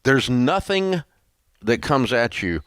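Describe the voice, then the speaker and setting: A man's voice: mid-range voice, sing-song, takes it slowly, a bit bright, clean tone, dry recording, clean studio sound. A man hosting a radio talk show, chatting in a folksy, rambling way with lots of restarts. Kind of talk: casual on-air talk.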